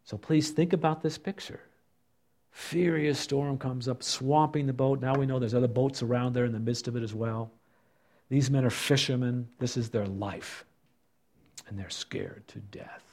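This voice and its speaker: A man leading a Bible study, reading scripture and reflecting on it in an expressive, thoughtful way. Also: mid-range voice, moderate pace. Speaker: Bible teacher.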